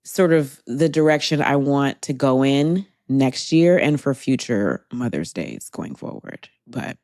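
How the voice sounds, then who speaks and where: Low-voiced woman podcast co-host. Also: animated, a little slow, darkish tone, no echo, studio quality. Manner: candid, wry, rambling. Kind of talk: casual chat.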